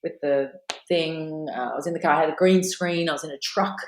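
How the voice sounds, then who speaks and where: A woman's voice: low voice, fairly quick, echoey room, rough recording. An Australian woman guesting on a podcast, telling stories animatedly and acting out what others said. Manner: animated storytelling, acts out quoted voices. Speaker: actress, guest. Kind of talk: casual interview, anecdote telling.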